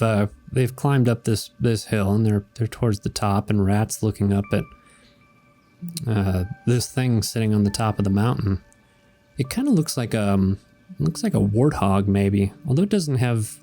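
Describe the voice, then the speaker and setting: A man's voice: lowish voice, mellow. A man hosting a show where he reads comic strips, chatting casually in a rambling, hesitant way and chuckling now and then. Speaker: host.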